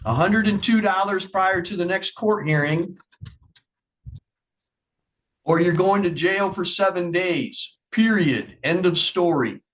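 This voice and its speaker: A man's voice: high voice, takes it slowly, fairly bright tone, highs cut off. A man presiding as a judge at a court hearing, stern and lecturing.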